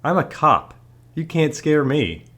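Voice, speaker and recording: A man's voice: on the low side, big pitch swings, unhurried. A man reading aloud, voicing a blunt policeman talking to a child. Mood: stern. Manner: stern, blunt. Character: gruff grown man policeman.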